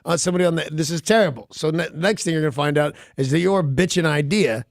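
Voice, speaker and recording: Male radio host, wry self-mocking storyteller, a bit high and gravelly, dry booth. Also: quick pace, no echo. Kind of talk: casual morning radio chat.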